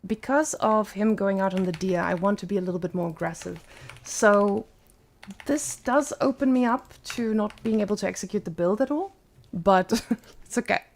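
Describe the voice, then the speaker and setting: Gravelly, animated woman streaming gameplay. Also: mid-range voice, normal speed, a little hiss or hum. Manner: animated, blunt and swears freely. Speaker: streamer playing a strategy game. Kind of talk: live gameplay commentary.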